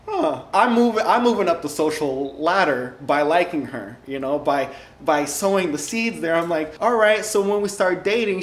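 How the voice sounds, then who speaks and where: A young man telling a funny story from his school days in a casual, animated way, acting out the quoted lines in high squeaky voices. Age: young adult. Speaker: storyteller vlogger. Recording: echoey room.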